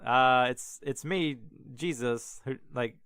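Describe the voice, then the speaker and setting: A man's voice: medium pitch, slow, a bit bright, clear, resonant tone, no room sound, studio quality. A man voicing a divine male voice from the sky, talking in a casual, chatty way and repeating himself as if annoyed at having to explain. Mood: exasperated.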